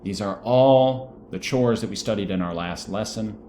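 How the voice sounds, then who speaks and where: A man with a deep, low voice teaches a recorded lesson to his students. He is friendly and encouraging and walks them through vocabulary aloud. There is a faint hiss of noise behind him. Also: normal speed, mellow. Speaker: Spanish teacher.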